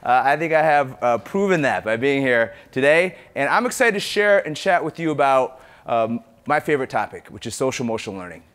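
A middle-aged man from Ethiopia giving a conference keynote speech, energetic and talking straight to the audience. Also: mid-range voice, brisk, few pauses. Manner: energetic, engages the audience directly. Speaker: keynote speaker. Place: conference hall.

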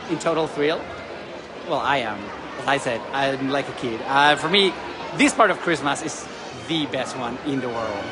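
A man, excitedly narrating a live vlog from a city balcony outdoors. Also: a little high. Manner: gushing, excitable, chatty. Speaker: travel vlogger. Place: city balcony outdoors over a parade street. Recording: loud crowd and street noise outdoors. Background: crowd cheering, church bells.

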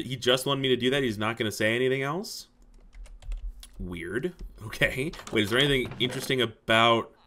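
A young man giving excitable let's-play commentary, joking and swearing as he goes. His voice is bright and jumps around lively, with faint music behind. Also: medium pitch. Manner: excitable and jokey, swears when surprised. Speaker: gaming commentator.

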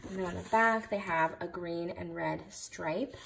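A woman's voice: fairly low pitch, a little slow, creaky, fairly bright tone, slight background noise. Gushing young woman craft vlogger. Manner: gushing, enthusiastic, many fillers. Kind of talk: casual haul video chat.

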